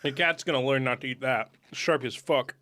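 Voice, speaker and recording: A man's voice: medium pitch, normal speed, pushed and bright. A man from the US Pacific Northwest hosting a casual comedy podcast, swearing and teasing his guests. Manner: profane, joking, teasing. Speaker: podcast host.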